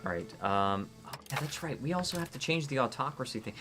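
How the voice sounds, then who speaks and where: A man's voice: mid-range voice, animated, a little fast, over music. A man from Florida, chatting casually and rambling through a live game stream while he answers viewer chat. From Florida, United States.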